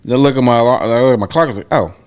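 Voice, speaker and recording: A man's voice: mid-range voice, racing, clear, resonant tone. A man co-hosting a podcast in casual chat, laid-back, laughing along and repeating his co-host's punchlines. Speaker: podcast co-host.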